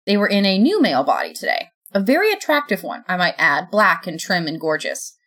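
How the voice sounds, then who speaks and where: A young adult woman reading a first-person story aloud in a sardonic, lively way. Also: fairly low pitch, a little fast. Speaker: narrator.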